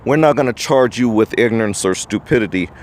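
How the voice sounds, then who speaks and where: A man's voice: fairly low pitch, a little fast, a little hiss or hum. An American man hosting a podcast, giving a preachy, indignant opinion monologue to the viewer. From United States. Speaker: podcast host.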